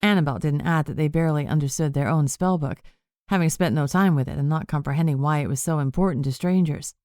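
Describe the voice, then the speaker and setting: A woman narrates an audiobook in a steady, even way. Her voice sits low. The recording is close and completely dry. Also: quick pace, dry recording. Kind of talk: scripted narration.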